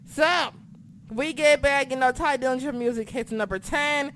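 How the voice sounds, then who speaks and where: A young woman on a podcast, telling stories in a casual, profane, animated way. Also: high voice, moderate pace, a little hiss or hum. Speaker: podcast co-host. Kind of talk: casual chat.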